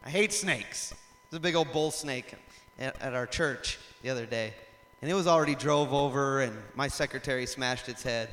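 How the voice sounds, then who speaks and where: A man preaching a sermon in a lively storytelling way, rising to loud emphatic passages. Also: medium pitch, normal speed. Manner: animated storytelling, acts out shouts and laughs. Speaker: pastor. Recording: long hall reverb.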